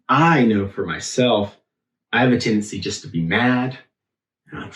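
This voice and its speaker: Man, lowish voice, relaxed chatty sermon full of fillers, echoey church room. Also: normal speed. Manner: loose, thinking aloud, heavy on filler words. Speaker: preacher. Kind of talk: casual conversational sermon. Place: church sanctuary.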